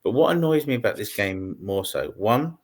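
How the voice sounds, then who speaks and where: Lower-voiced man ranting. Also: sing-song, normal speed. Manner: blunt, ranting, sweary. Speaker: podcast co-host. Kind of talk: casual chat.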